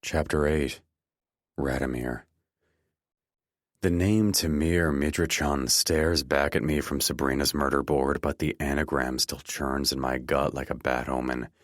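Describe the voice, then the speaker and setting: A man's voice: extremely low pitch, steady tone, a little slow, a bit bright, no echo, studio quality. A man narrating a first-person romance audiobook in a grim, controlled, terse way.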